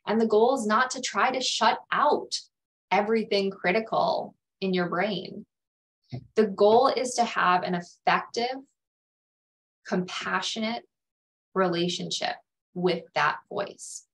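A woman's voice: mid-range voice, takes it slowly, fairly bright tone, low-quality recording. Earnest woman coaching in a webinar. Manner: earnest, acts out anxious inner voices. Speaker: career coach. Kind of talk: webinar presentation.

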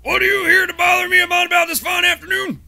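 A man voicing a gruff male drill sergeant who barks insults at recruits. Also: extremely high pitch, little pitch movement, fast talker, bright, forceful tone, raised voice, pitched above the performer's own voice, full character voice. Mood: barking.

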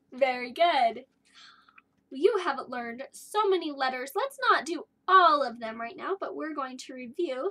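A woman's voice: sits high, lively intonation, unhurried, a bit bright. A woman teaching a kindergarten phonics lesson, storytelling in a sing-song way and stretching out letter sounds for young children.

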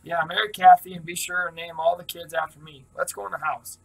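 A man reading the lines of a calm, easygoing teenage boy in a story, in his own plain voice. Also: a little high, brisk, vocal fry, low-quality recording. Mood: easy.

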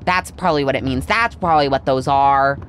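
A woman with a bass voice, speaking a little fast with slight background noise, provides let's-play commentary on a horror game for her gaming channel. She's talkative, speaks to the characters and startles easily, reacting with surprise.

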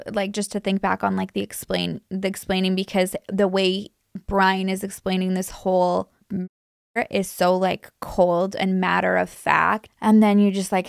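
A woman hosts a casual true crime commentary, rambling with many restarts. Her voice has a gravelly vocal fry, and the recording is dry and close. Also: mid-range voice, no echo. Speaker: true crime YouTuber host.

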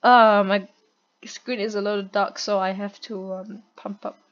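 A woman with a stuffy nose and a cough, giving excitable, chatty gameplay commentary and laughing often. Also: medium pitch, unhurried. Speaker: gamer and streamer. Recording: dull lo-fi home recording, faint noise.

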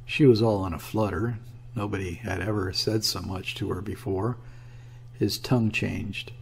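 Guy narrating an old story audiobook, husky gravelly voice. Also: lowish voice, steady tone, normal speed, darkish tone.

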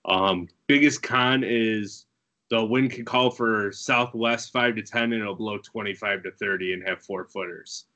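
Guest: man from Buffalo, low and forceful tone, chatty, laughs a lot. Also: steady tone, measured pace, lo-fi sound. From Buffalo area, USA. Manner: chatty, laughs through his stories. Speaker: guest angler. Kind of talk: casual podcast chat.

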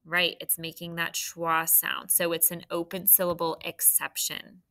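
This woman's voice sits fairly low, flat in intonation, with a pushed, bright quality. She's teaching phonics to a third-grade class, going slow and clear in a patient, encouraging way.

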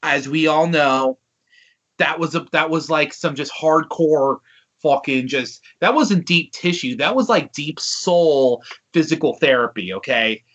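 A man's voice: on the high side, unhurried, dull audio. A man co-hosting a podcast, chatting casually about a cartoon episode, joking and swearing as he goes. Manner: animated, joking, profane. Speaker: podcast co-host. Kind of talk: casual episode recap chat.

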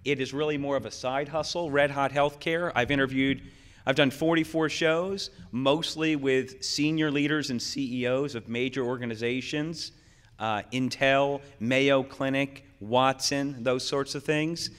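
A middle-aged man giving a conference keynote in a folksy, joking and energetic way. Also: medium pitch, measured pace, clear, resonant tone. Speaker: keynote speaker. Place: conference hall. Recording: long hall reverb.

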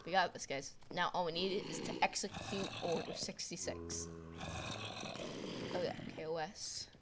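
A teenage girl at home giving rambling, excitable commentary over her gameplay on a desktop mic, full of "like" fillers. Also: fairly low pitch, measured pace, heavy background noise. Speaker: gaming video creator. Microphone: desktop microphone.

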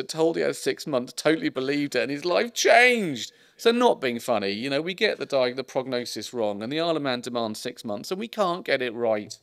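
A man's voice: mid-range voice, sing-song, normal speed, a bit bright. A middle-aged male doctor giving a public talk, telling anecdotes in a chatty way with ironic asides and frequent ums. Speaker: consultant geriatrician giving a public lecture. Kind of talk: informal public lecture.

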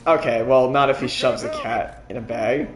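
A young man streaming a video game, chatting casually, swearing often and laughing as he reacts loudly to the action. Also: mid-range voice, steady tone, moderate pace. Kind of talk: casual gameplay commentary. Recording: echoey room with game music.

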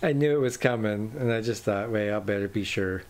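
Laid-back podcast host, casual chat, middle pitch. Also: brisk. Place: lives in Germany.

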